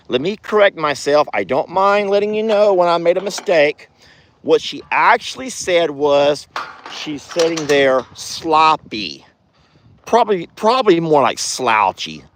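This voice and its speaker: A man's voice: a little high, a bit bright. An older man, a rancher who chats casually to the camera and exclaims fondly at his animals. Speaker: rancher vlogger.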